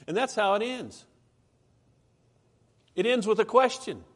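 A preacher man with a drawl, talking to his congregation in a loose, conversational sermon. His voice sits high and swings widely up and down as he drives his points home. He reads scripture aloud with mounting emphasis. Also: very animated, measured pace, pauses often.

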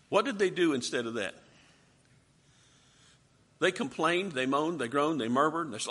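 A man preaching a sermon, asking rhetorical questions with dramatic swings from soft to loud. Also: a little high, animated, moderate pace, pauses often, slightly rough.

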